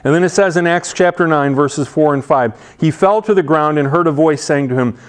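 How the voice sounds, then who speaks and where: A man's voice: fairly high pitch, fairly quick, clean tone. Casual, emphatic male preacher. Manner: casual and emphatic, with frequent restarts and asides. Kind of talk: conversational sermon.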